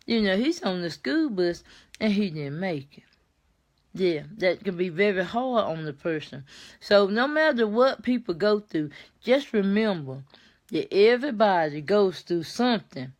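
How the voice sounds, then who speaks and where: An older woman, chatting warmly on a live stream and greeting viewers by name. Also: medium pitch, expressive, a little slow. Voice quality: warm, folksy. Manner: chats with viewers by name, repeats herself, laughs easily. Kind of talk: casual live chat with viewers.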